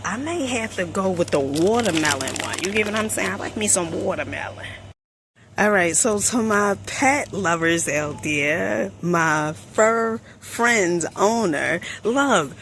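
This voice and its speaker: A woman from New Jersey chatting through a store haul vlog, sassy and quick with asides, calling viewers honey. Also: mid-range voice, expressive, noisy background. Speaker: shopping haul vlogger. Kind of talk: casual product review vlog. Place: inside a store.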